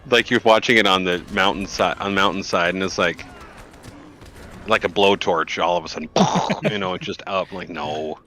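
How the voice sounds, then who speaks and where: A man playing in an online group, chatting and telling jokey asides in an animated way. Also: deep voice, unhurried, pauses often, a little hiss or hum. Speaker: group player. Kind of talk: casual gaming chat.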